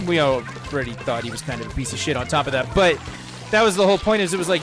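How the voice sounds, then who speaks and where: A man's voice: on the high side, quick pace, over music. A young man streaming a game and chatting casually to viewers, rambling with lots of fillers. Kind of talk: casual chat while gaming.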